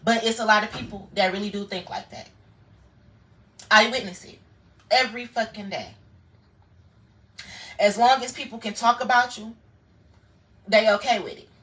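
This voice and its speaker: A woman's voice: fairly high pitch, normal speed, pauses often, fairly bright tone, recorded from a distance. A woman streaming live, giving a blunt, profane motivational talk in a casual, preachy way.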